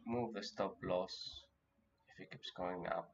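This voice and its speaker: A man with a lowish voice talks himself through a live trading session, thinking aloud and restarting his sentences. The audio is dull and lo-fi, with a faint hiss underneath. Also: steady tone, gravelly. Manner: thinking aloud, self-coaching, halting restarts. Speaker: day trader.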